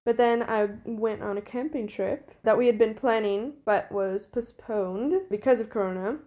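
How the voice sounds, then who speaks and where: A woman's voice: fairly high pitch, moderate pace, warm tone. A young woman in college telling a story in casual chat, rambling and giggly with lots of fillers. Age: young adult.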